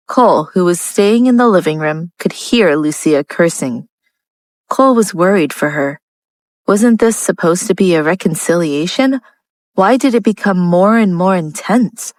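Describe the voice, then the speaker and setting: Steady woman audiobook narrator. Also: lowish voice, unhurried, no echo, low-quality recording. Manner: steady, even storytelling. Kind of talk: scripted narration.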